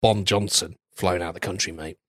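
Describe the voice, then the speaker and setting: A man's voice: sits low, steady tone, no echo. Joking English man on a podcast. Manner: quick, joking, laughs often. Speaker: podcast co-host. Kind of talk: casual comedy chat.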